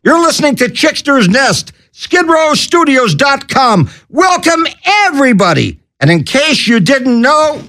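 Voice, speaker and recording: A man hosting an internet comedy radio show, with manic, wacky patter, corny one-liners and bursts of yelling. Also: very high voice, sing-song, unhurried, hardly any pauses, a little hiss or hum.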